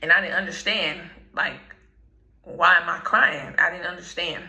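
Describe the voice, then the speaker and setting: A woman telling a personal story in slangy, laid-back storytime talk, often clearing her throat. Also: on the low side, normal speed, bright, forceful tone, echoey room, low-quality recording. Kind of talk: casual storytime.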